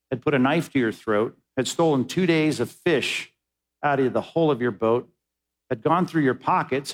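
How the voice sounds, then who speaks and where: A man's voice: medium pitch, low-quality recording. A male pastor giving a sermon, telling a story and rising into emphatic exhortation.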